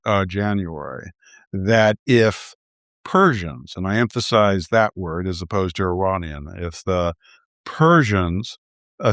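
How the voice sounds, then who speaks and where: A man with a low, deep voice talks through policy questions in a measured way, pausing and restarting his sentences often. He sounds like a guest analyst in a discussion. The sound is close and dry. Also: dry recording. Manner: measured, halting, frequent restarts.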